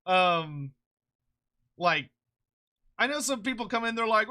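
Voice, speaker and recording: A streamer chatting casually on a live stream, excitable and rambling, swearing freely and laughing often, short on sleep. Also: medium pitch, normal speed, long pauses. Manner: rambling with frequent restarts.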